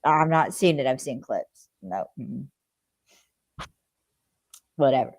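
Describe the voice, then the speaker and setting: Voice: medium pitch, expressive, slow pace, creaky, dry recording. A podcast co-host recapping a TV episode in casual chat, rambling with lots of fillers and acting out the characters' lines.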